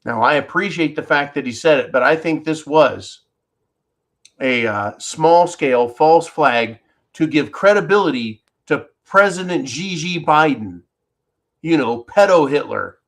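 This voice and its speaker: A man's voice: on the high side, lively intonation, a little slow. A man hosting a solo commentary show, talking in an indignant, emphatic way and repeating words when stirred up. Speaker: political commentary host.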